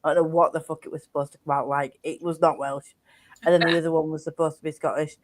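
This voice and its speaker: A young woman, a guest on a book stream, chats casually with friends over a video call. Her low-pitched voice is flat and quick, with no room sound, and she rambles, restarts her sentences, and swears when ranting.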